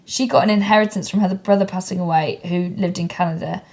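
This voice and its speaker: A woman's voice: on the low side, steady tone, fast talker, darkish tone. A woman, co-hosting a comedy podcast in casual chat and telling stories bluntly, with plenty of swearing. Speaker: podcast co-host.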